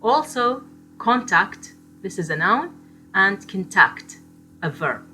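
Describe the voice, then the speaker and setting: A woman, a native Arabic speaker, gives a phonetics lesson in a bright, clear voice. She explains at a patient pace and repeats each example word, slipping into short Arabic asides. Faint music plays underneath. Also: mid-range voice, sing-song, a little slow. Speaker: teacher. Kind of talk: phonetics lecture.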